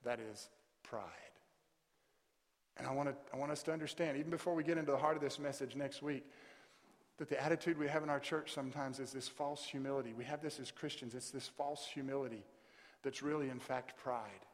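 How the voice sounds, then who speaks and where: A male pastor preaching a sermon, with emphatic delivery that swells into loud, stressed peaks. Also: medium pitch, fairly even intonation, brisk. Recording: long hall reverb.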